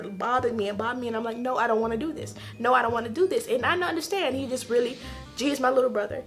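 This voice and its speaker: High-voiced woman telling a story. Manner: animated, acts out quotes in a higher voice, laughs between lines. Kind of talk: casual storytime.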